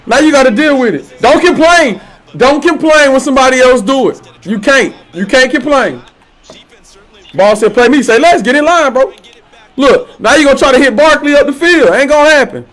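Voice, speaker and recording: High, lively trash-talking man. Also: moderate pace. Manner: loud, laughing trash talk with slang and swearing. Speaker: streamer playing a football video game. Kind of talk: trash-talking gameplay commentary.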